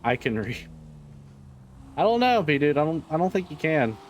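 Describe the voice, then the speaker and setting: A man's voice: fairly high pitch, sing-song, moderate pace, a little hiss or hum. A man streaming a driving game live, chatting casually, swearing and repeating himself as he gets frustrated.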